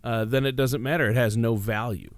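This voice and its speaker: Male radio co-host, relaxed and hesitant, mid pitch, dry close sound. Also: fairly quick, no room sound. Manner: easygoing, hesitant with many fillers. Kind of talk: casual chat.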